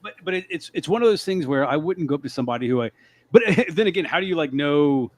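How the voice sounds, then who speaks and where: A man's voice: a little high, animated. A casual podcast co-host, a man who rambles and halts, restarting sentences and padding them with filler. He is self-deprecating and laughs easily as he talks. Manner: rambling, halting, full of filler words and restarts.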